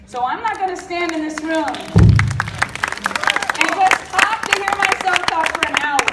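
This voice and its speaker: Stuffy-nosed woman preaching biz motivation, high voice, echoey hall, mic kinda far off. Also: background noise. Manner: blunt, fired-up, jokey. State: stuffy, congested. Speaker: convention speaker. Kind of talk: motivational stage talk. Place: large convention hall. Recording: roomy hall audio from far off.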